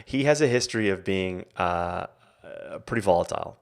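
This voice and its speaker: Speaking in a smooth, low-pitched voice at a normal speed, a coach hosts a live online Q&A. His casual talk rambles, full of fillers and restarts, and he animates the quotes.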